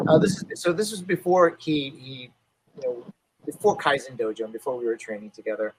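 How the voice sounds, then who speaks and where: In a very noisy recording, a man with a mid-range voice talks briskly. He's in his fifties, works as a martial arts instructor and actor, and tells a story during a casual interview, staying loose and chatty, leaning on "you know," and voicing the people he quotes.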